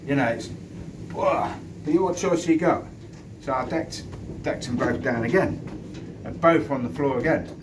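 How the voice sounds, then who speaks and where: A man's voice: medium pitch, moderate pace. A middle-aged man, a former doorman, tells a street-fight story in a blunt, sweary, stop-start way, outdoors in the wind. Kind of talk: casual storytelling to camera. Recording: distant mic with wind noise.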